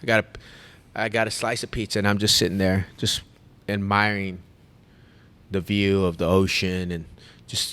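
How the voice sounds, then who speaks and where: A man, a podcast host telling a long story in casual chat, animated and rambling with restarts. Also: low voice. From United States.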